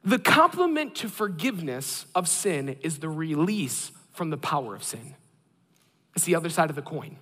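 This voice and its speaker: A man in his thirties preaching a sermon, an animated and self-deprecating storyteller. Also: a little high, moderate pace, in a large hall. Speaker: pastor.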